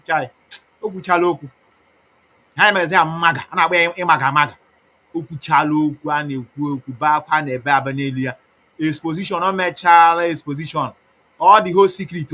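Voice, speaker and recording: A man's voice: on the high side, bright, forceful tone, a little hiss or hum, poor audio. A man with an Igbo Nigerian accent giving a rambling campaign talk, mixing English with Igbo in a preachy, mocking way. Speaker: activist campaigner.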